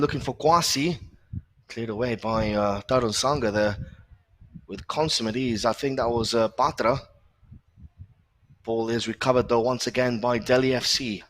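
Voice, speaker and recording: A man calls a football match live, moving quickly from pass to pass and filling gaps with short pauses. His voice sits in a middle register, plain and steady. He speaks into a close commentary mic. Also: medium pitch. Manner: brisk play-by-play with filler pauses.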